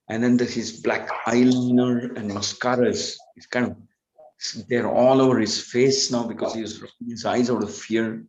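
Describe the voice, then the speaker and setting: A man preaching a devotional lecture, telling a sacred story in an animated way and acting out its characters. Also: medium pitch. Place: temple hall. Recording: dull, echoey temple hall recording.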